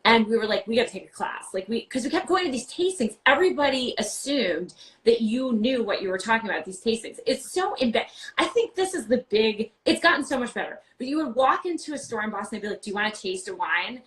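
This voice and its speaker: A woman in her forties from New York, chatting animatedly as a guest on a video-call interview, full of quick asides and "like" fillers. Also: fairly high pitch, animated, rough recording. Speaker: guest, wine podcast host. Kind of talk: casual interview chat.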